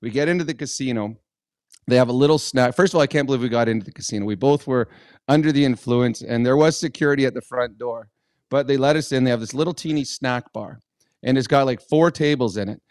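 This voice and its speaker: A middle-aged man co-hosting a podcast, telling a story in a lively, animated way and loudly acting out the people he quotes. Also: mid-range voice, quick pace, no echo, clean studio sound. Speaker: podcast co-host, former hockey player. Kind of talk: casual storytelling chat.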